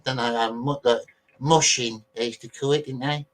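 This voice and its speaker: A man's voice: mid-range voice, steady tone, normal speed. A man hosting a casual livestream, rambling chattily to his viewers and swearing freely while he sorts out videos on his computer. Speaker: livestream host.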